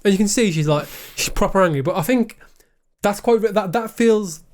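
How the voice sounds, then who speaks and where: A man co-hosting a casual chat, animated, saying "mate" a lot and acting out scenes. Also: high voice. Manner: animated, says "mate" often, acts out scenes in quick voices. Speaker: podcast co-host.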